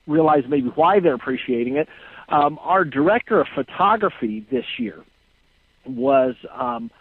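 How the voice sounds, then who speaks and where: A man calling in to an interview, answering slowly with many hesitations. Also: on the high side, dry recording. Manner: hesitant, many fillers and restarts. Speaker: guest calling in. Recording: tinny phone line.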